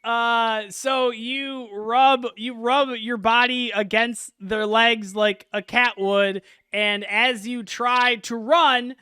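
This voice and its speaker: A man's voice: very high-pitched, fairly even intonation, takes it slowly, few pauses, sharp tone, clean tone, no echo, studio quality. A man narrating as game master in a laid-back, chuckling way, with many fillers. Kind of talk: narrating a casual tabletop game.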